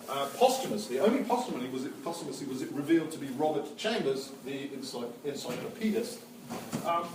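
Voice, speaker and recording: A man's voice: sits high, slight background noise. A man playing a witty, enthusiastic Victorian naturalist, lecturing in character with a theatrical, joking delivery. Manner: animated, theatrical, joking storyteller. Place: museum lecture hall. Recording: echoey hall, mic far off.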